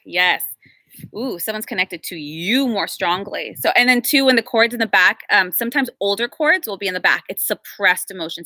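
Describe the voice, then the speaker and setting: A woman energy healer leading a live group workshop, chatty and encouraging with the group, slowing to a measured invocation when she leads the prayer. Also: mid-range voice, sharp tone, no room sound, studio quality. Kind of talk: live workshop teaching and guided meditation.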